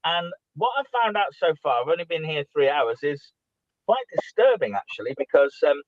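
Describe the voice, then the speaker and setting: A man co-hosts a casual talk show with a slightly high voice. He talks in an animated way and repeats words when he gets stuck. The sound is thin and phone-like, with no room around it. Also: normal speed, dry recording. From United Kingdom. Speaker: co-host. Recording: dry tinny phone-like line.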